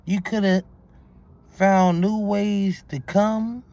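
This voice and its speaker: A man's voice: high voice, fairly even intonation, slow pace, darkish tone. A man hosting a reaction video, talking in incredulous, profane street slang. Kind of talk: reaction commentary.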